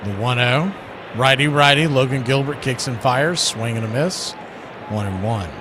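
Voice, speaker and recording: A man calling baseball play-by-play live as host, chatting opinions between pitches. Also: noisy background.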